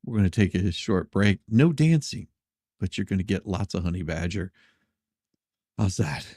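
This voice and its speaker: A man's voice: low-pitched, expressive, normal speed, a little mellow, slightly rough, no room sound, clean studio sound. A man hosting a casual news commentary show, laughing often and teasing the stories he reacts to. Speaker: host.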